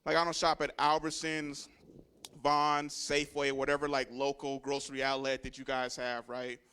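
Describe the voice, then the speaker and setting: A man's voice: mid-range voice, level tone, normal speed, pushed and bright, clean tone. A young man from Richmond, doing a crude, swaggering stand-up set and talking straight to the crowd. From Richmond, California. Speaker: stand-up comedian. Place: comedy club stage.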